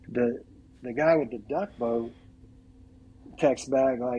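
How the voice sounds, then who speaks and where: A middle-aged man on a podcast tells a hunting story in a casual, animated way, acting out what each person said. His voice is mellow and dark, with a husky edge. He keeps filling his sentences with "like" as he goes. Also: medium pitch, unhurried, long pauses, muffled recording. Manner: animated storyteller, acts out quotes, heavy use of "like". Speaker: podcast guest.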